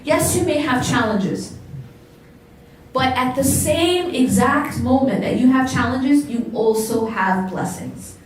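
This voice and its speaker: A woman's voice: high-pitched, animated, slow pace. An American woman giving a motivational religious lecture to a live audience, often asking the listeners questions and repeating words for emphasis. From United States. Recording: very echoey hall, distant mic.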